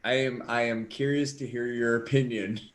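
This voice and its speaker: A man co-hosting a podcast in casual chat, excitable and teasing, with a fair bit of swearing. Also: mid-range voice, moderate pace. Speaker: podcast co-host.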